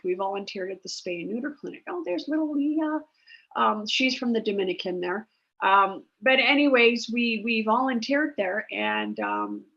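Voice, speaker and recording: A woman's voice: mid-range voice, animated, measured pace, bright, forceful tone. A woman, telling a rambling story about rescuing dogs in a chatty, casual way with many fillers. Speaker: dog rescue founder, guest. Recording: dull lo-fi sound.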